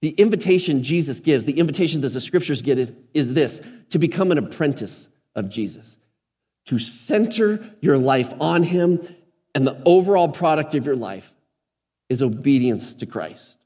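A man's voice: a little high, lively intonation, moderate pace, dark tone, slightly rough. A man preaching a sermon as a pastor, conversational and then emphatic and urging. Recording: long hall reverb.

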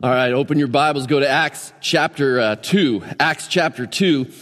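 A man's voice: mid-range voice, moderate pace, a bit bright, big-room sound, soft background music. A man in his fifties, a lead pastor giving a casual, joking sermon with many fillers in a church auditorium.

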